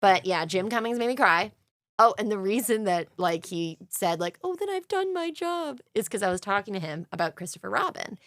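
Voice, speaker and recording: A woman's voice: medium pitch, fairly quick, fairly bright tone, no room sound, studio quality. A young adult woman co-hosting a podcast, telling a story in casual chat with gushing, emotional enthusiasm. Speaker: podcast co-host.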